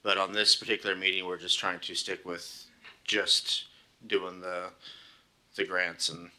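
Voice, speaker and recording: A man chairing a city council public hearing, speaking calmly and politely as he keeps the meeting on topic. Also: sits low. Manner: calm, measured, polite procedural tone.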